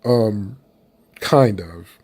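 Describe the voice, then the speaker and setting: A man's voice: lowish voice, very slow, a little mellow. A man from the United States giving casual opinion commentary in a blunt, profane and rambling way.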